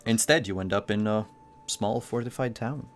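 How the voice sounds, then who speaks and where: Low-voiced man narrating as game master. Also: a little hiss or hum. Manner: measured, descriptive narration with fillers.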